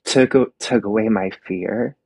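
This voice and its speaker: Low, husky-voiced man telling his story. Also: measured pace, dry recording. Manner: open, emotional storytelling with soft laughs. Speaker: guest, makeup artist. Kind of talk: casual interview.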